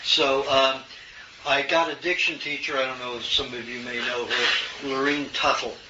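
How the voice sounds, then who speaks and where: An older man from the American South answering questions from an audience in a relaxed, storytelling way, chuckling now and then. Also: medium pitch, moderate pace. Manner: folksy storytelling, chuckles often. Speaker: health lecturer. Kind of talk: casual Q&A talk. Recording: roomy, distant, muffled, noisy room recording.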